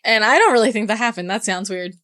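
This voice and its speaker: A woman's voice: medium pitch, fast, a bit bright. A woman on a casual book club podcast who corrects plot details and quotes characters at length.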